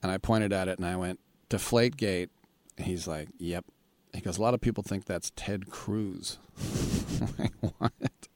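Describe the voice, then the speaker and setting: Rambling, low-voiced sports radio man. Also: unhurried, a little mellow, no room sound. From Bay Area, California. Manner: rambling storyteller who acts out both sides of conversations. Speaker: sports talk radio host. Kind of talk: casual chat.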